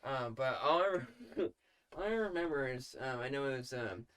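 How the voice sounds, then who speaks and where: A man's voice: mid-range voice, lively intonation, moderate pace, a bit bright, smooth. A young man telling a story in casual podcast chat, rambling and swearing, full of fillers. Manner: profane, rambling with many fillers. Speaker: podcast co-host.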